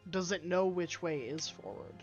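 A man's voice: sits high, normal speed, darkish tone, faint music behind. A man playing a tabletop game, thinking aloud and changing his mind mid-sentence. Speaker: player. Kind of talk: playing a tabletop game over a live stream. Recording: dull lo-fi mic.

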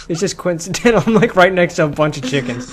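A man's voice: sits high, expressive, brisk, a little hiss or hum. A man hosting a casual game let's play with a joking, rambling, self-mocking way of talking into a desk mic. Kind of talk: casual gaming commentary.

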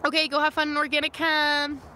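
Bright, high-voiced chatty young woman. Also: completely flat delivery, brisk, slight background noise. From California. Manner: chatty and playful, tries out mock accents. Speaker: vlogger and snowboarder. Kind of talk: casual livestream chat. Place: inside a van. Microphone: phone camera.

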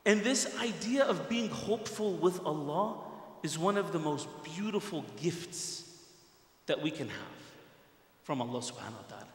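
A middle-aged man giving a Friday sermon, telling a personal story in an animated way and speaking straight to the congregation. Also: fairly high pitch, moderate pace. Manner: animated storyteller who addresses the congregation directly. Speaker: preacher. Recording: echoey hall with long reverb.

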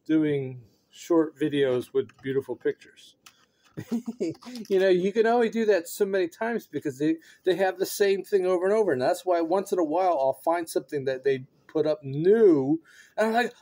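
A man's voice: fairly high pitch, normal speed, mellow. A man chatting in a goofy, playful way on a casual home video, rambling and laughing often, recorded on a phone on a stand. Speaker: vlogger.

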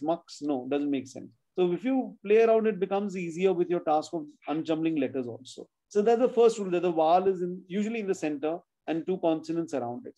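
A man's voice: on the high side, mellow, poor audio. A man teaching children spelling in an online class, patiently sounding out words letter by letter.

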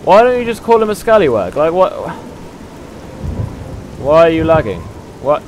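A young man gives a rambling running commentary over a video game. He swears freely, laughs at himself, and drifts between thoughts. His voice rises and falls with lively pitch. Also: normal speed, slight background noise. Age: young adult. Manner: rambling, swearing, self-mocking, laughs often. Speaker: gaming channel host. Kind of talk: casual let's play commentary.

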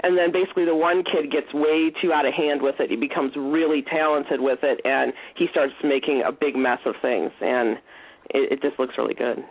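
A man hosting a casual call-in radio chat, excitable and giggly, with many filler words. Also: a little high, a little fast, husky. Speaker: host. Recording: tinny phone-line sound.

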